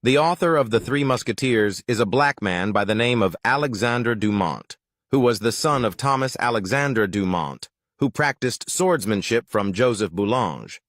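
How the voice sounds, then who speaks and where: A man laying out a history argument, citing and quoting his sources one after another. His voice sits on the low side. The sound is dry and close, with no room echo. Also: animated, normal speed, a bit bright. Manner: declarative, citing quotes. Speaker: presenter reading sources. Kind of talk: lecture-like narration.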